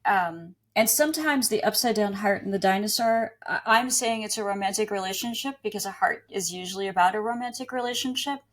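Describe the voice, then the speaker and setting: Calm woman explaining her reading practice. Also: mid-range voice, a little fast, hardly any pauses. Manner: calm, explanatory, laughs easily. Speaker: psychic reader, guest.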